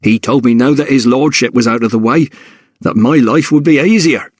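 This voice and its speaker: A man's voice: medium pitch, moderate pace, a little mellow, breathy edge, no echo, studio quality, lightly acted. A man voicing a smug, broad-shouldered male household servant who mutters and needles the others.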